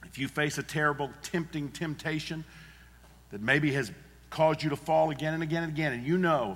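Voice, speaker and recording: A man preaching in a church sanctuary, earnest and emphatic, driving his points home through repetition. His voice sits a touch high for a man and rings with the long reverb of a large hall. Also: brisk, fairly bright tone, slightly rough. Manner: earnest, emphatic, repeats key phrases. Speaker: pastor. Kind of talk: sermon.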